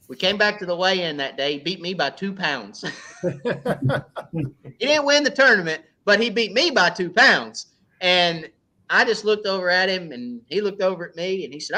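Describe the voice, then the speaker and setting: Bright-voiced storytelling American man. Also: high voice, normal speed. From United States. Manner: storytelling, animated when quoting others. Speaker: crappie club organizer. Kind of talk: casual podcast chat.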